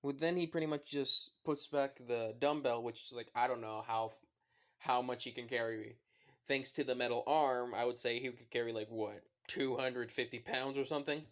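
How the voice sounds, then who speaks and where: A man casually narrating a homemade story, rambling along with lots of fillers and quick apologies. His voice sits at an ordinary male pitch. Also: fairly even intonation.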